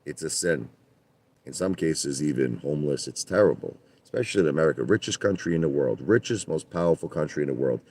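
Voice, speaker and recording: A man's voice: rumbling low, lively intonation, fairly quick, a little mellow. A middle-aged man, chatting loosely with his livestream viewers from his car and greeting them by name. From Brooklyn, New York. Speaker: livestream host. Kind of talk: casual livestream chat.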